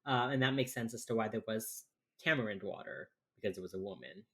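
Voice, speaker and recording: This woman co-hosts a podcast and recaps a TV episode in rambling, casual chat packed with fillers and quick mocking impressions. Her pitch is extremely low, yet her tone is fairly bright and expressive.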